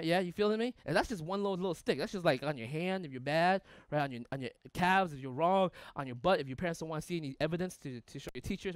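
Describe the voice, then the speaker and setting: A man's voice: high voice, no echo, clean studio sound. A male pastor preaching a sermon in a conversational way, asking his listeners rhetorical questions and building long emphatic lists.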